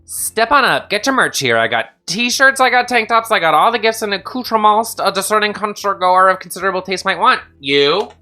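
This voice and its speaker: A woman voicing a loud, pushy teenage boy who sells band merch with a booming showman pitch. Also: expressive, brisk, hardly any pauses, soft background music. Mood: pushy, showy.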